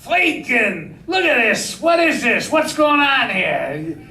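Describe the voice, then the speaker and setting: A man doing a loud Austrian billionaire. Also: very animated, slow, a little hiss or hum, exaggerated voice. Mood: excited shouting. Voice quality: shouting, high-pitched. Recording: echoey hall from far off.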